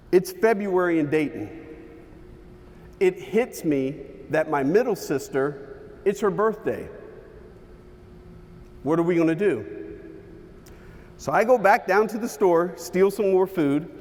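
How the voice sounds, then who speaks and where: A man giving a motivational keynote, telling a personal story with dramatic pauses and shifts in pace. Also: high voice, a little mellow, big-room sound. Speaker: keynote speaker. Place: large hall with an audience.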